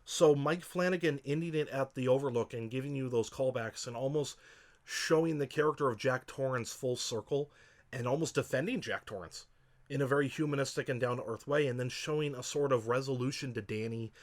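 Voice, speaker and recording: A man talking on a podcast in a loose, rambling way, cursing freely as he gets carried away. His voice sits at an ordinary male pitch, and feeling often breaks into his speech. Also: fairly quick. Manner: passionate, rambling, heavy swearing; emotional, chokes up. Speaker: podcast co-host. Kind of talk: casual podcast movie review.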